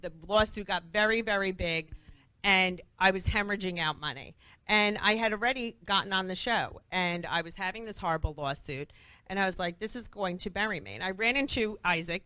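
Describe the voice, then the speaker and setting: A bright, forceful middle-aged woman, a guest on a talk show, telling stories with quick energy. She acts out the people she quotes, in a dry, close-sounding recording. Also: medium pitch, smooth, no echo. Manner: lively, acts out quoted voices. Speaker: guest entrepreneur. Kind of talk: animated storytelling on a talk show.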